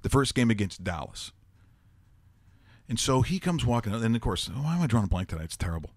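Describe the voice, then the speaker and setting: A man hosting a sports talk show, telling stories in a rambling, animated way and laughing often. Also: fairly low pitch, fast, no echo, clean studio sound. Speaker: host.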